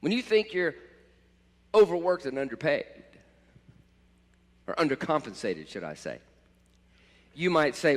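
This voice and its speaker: A man preaching a sermon as pastor, impassioned, swelling to loud cries at times. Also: a little high, sing-song, moderate pace, long pauses. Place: church sanctuary. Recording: church hall reverb.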